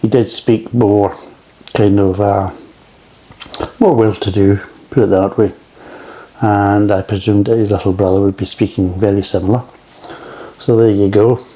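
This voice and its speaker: A man's voice: lowish voice, fairly even intonation, measured pace, pauses often, mellow. A man reviewing beer in a casual, rambling way, swearing freely and drifting off into tangents. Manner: rambling, profane, digressive.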